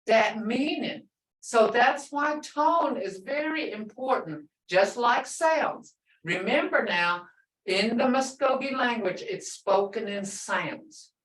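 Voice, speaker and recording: A middle-aged woman teaching a language class, patiently repeating words slowly so the tones can be heard. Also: fairly high pitch, fairly bright tone, far from the mic. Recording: echoey room, voice off-mic.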